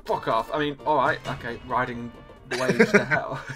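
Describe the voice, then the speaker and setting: A man's voice: medium pitch, expressive, a little slow, music in the background. A man chatting casually and teasing playfully while he plays a game, laughing often. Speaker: gaming video co-host. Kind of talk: casual gameplay chat.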